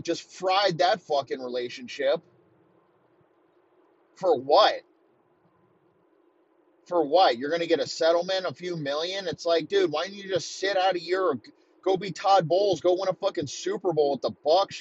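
A man in his thirties delivering a heated, profane comedic rant, talking in rapid-fire bursts. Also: sits high, husky, muffled recording. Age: 30s.

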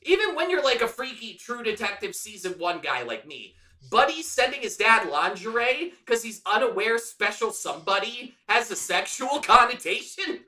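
Bright-voiced man, a bit off-mic. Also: very high voice, very animated, normal speed, hardly any pauses, reverberant, distant mic. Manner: profane, enthusiastic riffing. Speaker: podcast co-host. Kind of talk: casual film review chat.

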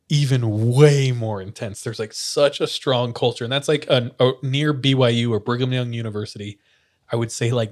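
Speaking at a typical male pitch, a young man animatedly tells a friend a story during a relaxed podcast chat, acting out other people's quotes and laughing frequently as he goes.

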